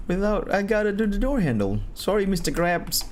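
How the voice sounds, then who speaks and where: A man's voice: high-pitched, big pitch swings, unhurried, a little hiss or hum. A man chatting casually while streaming a cleaning game, laughing often and restarting his sentences. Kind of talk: casual gaming chat.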